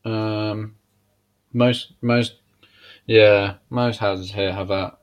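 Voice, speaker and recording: Young man, English accent, fairly low voice, laid-back, casual podcast chat. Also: fairly even intonation, drawn-out words. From England. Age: young adult. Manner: laid-back, laughs along, swears casually. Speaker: podcast co-host.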